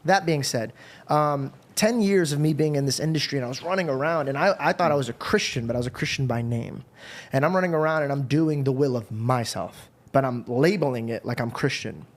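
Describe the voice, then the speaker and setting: A man's voice: medium pitch, brisk. A man hosting a podcast, telling his faith story in an earnest, rambling way. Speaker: podcast host. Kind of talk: casual faith conversation.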